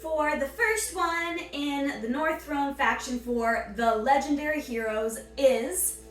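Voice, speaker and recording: A woman's voice: sits high, slow, far from the mic. A woman doing a comic skit as a teacher, punning on names and scolding her pretend class in a playful, mock-stern way. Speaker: sketch comedian playing a teacher. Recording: echoey room, off mic, faint music.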